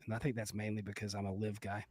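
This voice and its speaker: Husky-voiced man joking crudely on a podcast. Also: lowish voice, flat delivery, quick pace, a little mellow, no echo. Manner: vulgar, joking, rambling with fillers. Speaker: podcast co-host. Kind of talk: crude comedic podcast banter.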